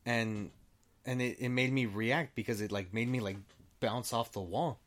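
Man, casual storytelling, middle pitch, rambling, restarts a lot, swears freely, acts out quoted dialogue. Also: steady tone, normal speed, a bit bright. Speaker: storyteller guest.

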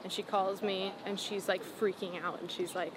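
Young woman singer telling her story, tons of likes and ums, middle pitch, noisy street sound behind. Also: moderate pace. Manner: rambling, lots of "like" and "um", animated retelling. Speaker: singer-songwriter guest. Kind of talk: casual interview storytelling.

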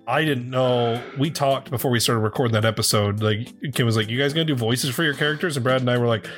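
A man's voice: medium pitch, fairly bright tone. A young man co-hosting a tabletop game podcast, chatting candidly and swearing freely as he reminisces. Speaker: podcast co-host and player. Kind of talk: casual chat.

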